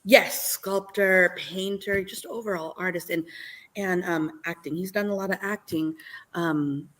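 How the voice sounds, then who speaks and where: A woman chats as a guest on a live stream. She is animated and laughs often. She talks in loose bursts and restarts her sentences. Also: fairly low pitch, a little slow. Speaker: guest artist. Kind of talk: casual live-stream chat.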